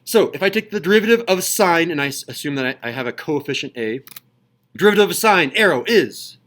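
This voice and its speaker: A young man teaching a high school math class in a classroom, playful and jokey in manner. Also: expressive, fast, a bit bright, rough recording. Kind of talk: classroom lecture.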